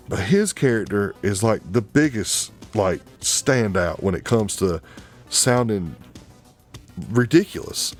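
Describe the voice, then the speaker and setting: Man, podcast host, casual movie review, profane, animated, somewhat low voice. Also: unhurried, faint music behind.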